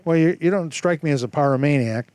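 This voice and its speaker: A man preaching a sermon as pastor, telling stories with lively acted-out voices and asking rhetorical questions. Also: fairly high pitch, fast talker, no echo. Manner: animated storytelling with rhetorical questions; acts out voices and sounds in his stories.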